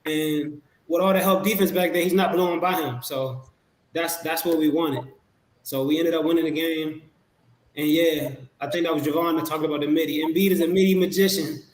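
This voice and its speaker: A man as a podcast guest, talking basketball in a relaxed, rambling way with many fillers and restarts. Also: on the high side, brisk. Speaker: podcast guest, Sixers fan. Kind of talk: casual sports talk. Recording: echoey room.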